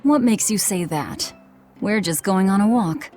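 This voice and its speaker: A woman's voice: mid-range voice, animated, measured pace, a little mellow, soft background music, lightly acted. A woman voicing a blunt, grim young swordswoman in a video game, speaking tersely and dryly. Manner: terse, dry.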